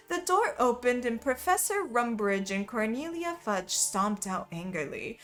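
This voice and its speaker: An amused woman reads a fanfiction aloud for a stream and keeps slipping into laughter. Her pitch rises and swoops a lot while the pace stays slow. Faint music plays behind her. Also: very animated. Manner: amused, often breaks into laughter. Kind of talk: comedic dramatic reading.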